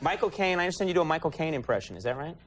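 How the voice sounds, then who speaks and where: Wry late-night talk show host. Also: male voice, on the high side, sing-song, very fast. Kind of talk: late-night interview banter.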